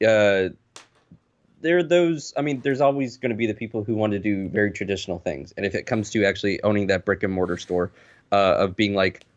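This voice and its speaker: A man's voice: fairly low pitch, a little fast. A man who is a guest on a podcast, talking casually and hesitantly, often repeating words. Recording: muffled lo-fi sound.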